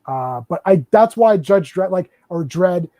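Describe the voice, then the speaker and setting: This is a man in his forties, a podcast host, talking through films in a loose, casual way. His voice sits high but sounds warm and mellow. He stumbles through stacks of repeated words before he gets his point out. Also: animated, measured pace. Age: 40s. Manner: rambling, repeats words while searching for them. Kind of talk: casual film discussion.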